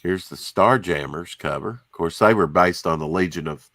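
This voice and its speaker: A man hosting a casual stream, relaxed and teasing, rambling as he talks. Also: deep voice, normal speed, no echo. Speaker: host.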